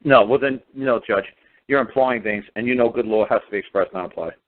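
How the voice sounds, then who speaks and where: A man's voice: mid-range voice, brisk. Emphatic man on a phone line. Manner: emphatic, repetitive rhetorical questions. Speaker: speaker. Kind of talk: phone talk show discussion.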